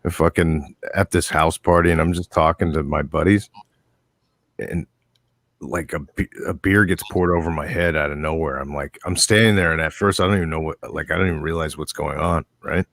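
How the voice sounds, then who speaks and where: A man's voice: extremely low pitch, fairly even intonation, brisk, a bit bright, no room sound, clean studio sound. A man in casual chat, telling a story in a laid-back way with plenty of swearing.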